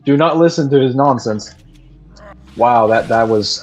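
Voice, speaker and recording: Playing a game on stream, a man keeps up chatty, profane commentary and reads viewer messages aloud. His medium-pitched voice has lively intonation and an unhurried pace, and the recording's high frequencies are cut off.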